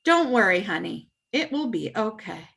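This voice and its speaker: A woman's voice: mid-range voice, very animated, normal speed, creaky, a bit bright, husky, heavily acted. A woman doing a soothing mom. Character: gentle, soothing mother.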